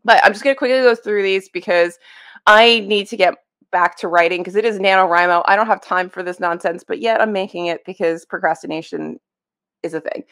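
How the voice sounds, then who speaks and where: A woman host riffing casually at home before work, rambling and wryly exasperated as she reacts to clips. Her voice sits in an ordinary middle pitch. She speaks into a streaming webcam setup. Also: fairly quick, fairly bright tone, smooth. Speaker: book commentary video host.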